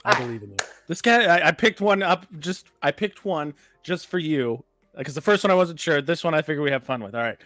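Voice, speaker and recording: A man's voice: a little high, animated, a little fast, fairly bright tone, no echo. Teasing man with a dry, close voice. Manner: teasing, runs the timer like a quizmaster. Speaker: co-host. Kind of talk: casual podcast chat and quiz game.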